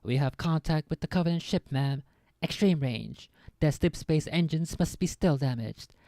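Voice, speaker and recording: A woman's voice: low voice, moderate pace, dark tone, no room sound. A woman putting on a clipped Scottish starship captain. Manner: clipped military reporting.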